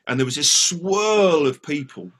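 Husky, bright-voiced English man. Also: fairly high pitch, measured pace. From England. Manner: animated, full of restarts. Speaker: guest musician. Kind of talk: casual storytelling in a podcast interview.

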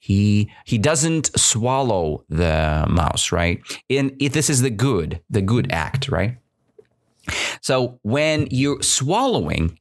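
Lively man teaching vocabulary, slow pace. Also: fairly low pitch. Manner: animated, asks many questions, says "right?" often; non-native grammar. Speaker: English teacher. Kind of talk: casual vocabulary lesson. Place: indoors, drinking coffee at the mic.

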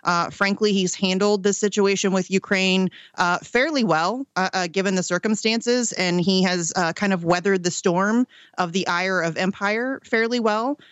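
A woman's voice: medium pitch, moderate pace, few pauses, no room sound, lo-fi sound. A woman from Ohio, a political activist, talking casually as a radio guest, with lots of ums and restarts. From Ohio, USA. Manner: chatty, many ums and restarts, laughs often.

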